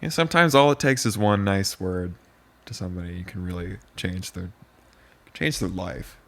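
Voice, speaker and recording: A man's voice: sits low, moderate pace, gravelly, fairly bright tone. A young adult man co-hosting a podcast in casual chat, with a dry, crude joking manner. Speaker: podcast co-host. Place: apartment at night.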